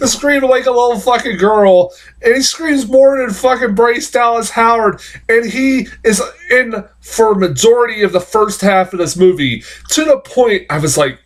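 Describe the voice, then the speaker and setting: A man's voice: extremely high pitch, normal speed. A man giving a casual spoken film review, ranting and swearing in exasperation. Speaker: movie reviewer.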